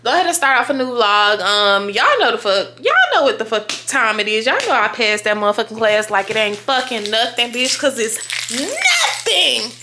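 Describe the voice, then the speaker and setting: A young woman, chatting loudly and profanely to her viewers in a casual vlog. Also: on the high side, fairly quick, hardly any pauses, over music. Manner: profane, loud and excitable, talks to viewers as y'all. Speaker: vlogger.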